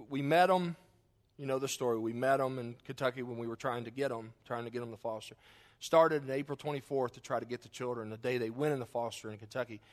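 A man preaching a sermon and telling a family story in a folksy way, moving between loud emphasis and quiet, hushed lines. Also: medium pitch. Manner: acts out quotes in his story. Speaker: pastor.

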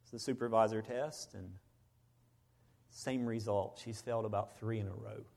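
A middle-aged man, a preacher, telling a personal story in a sermon, swinging between loud bursts and hushed moments. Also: on the low side, steady tone, moderate pace, vocal fry.

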